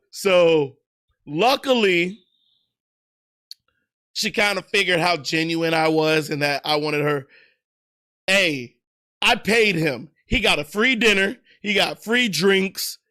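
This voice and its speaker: A man hosts a laid-back livestream chat and answers viewers in a loose, profane way. His voice sits high and sounds bright and forward, and he laughs at his own slips as he goes. He keeps an easygoing, joking tone throughout. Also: takes it slowly, pauses often. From United States. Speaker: streamer.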